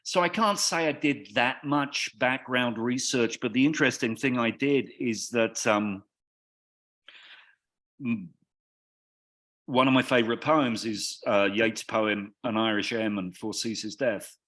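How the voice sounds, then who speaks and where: A man from northern England, an actor being interviewed, talking in a wry, self-deprecating way with thoughtful pauses. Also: mid-range voice, fairly bright tone. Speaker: actor guest. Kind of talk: casual interview chat.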